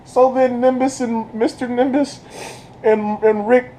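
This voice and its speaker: A man giving an excited, casual recap as a video reviewer, breaking into laughter and breathless from it. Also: very high-pitched, unhurried, slight background noise, rough recording. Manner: keeps breaking into laughter while retelling.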